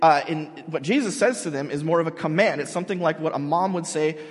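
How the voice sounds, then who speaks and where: Animated man preaching in an echoey hall. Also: on the high side, quick pace. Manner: animated, acts out quotes, many restarts. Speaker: pastor. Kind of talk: sermon.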